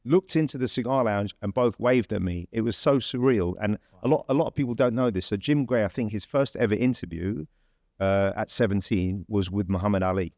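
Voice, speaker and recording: A man's voice: lowish voice, brisk, a little mellow, no echo, studio quality. A man with an English accent, telling a long story in a chatty, rambling way full of fillers and restarts. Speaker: podcast host. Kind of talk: casual anecdote telling.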